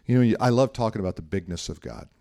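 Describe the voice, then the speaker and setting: A man's voice: lowish voice, fast, creaky, warm tone. A middle-aged man preaching a sermon in a conversational, storytelling way, acting out the voices of people he quotes. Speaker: pastor.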